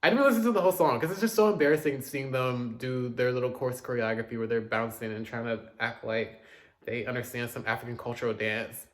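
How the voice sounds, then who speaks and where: A man casually reviewing new pop releases, chatty and dramatic, with quick asides and loud outbursts. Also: medium pitch, fairly even intonation. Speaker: music reviewer.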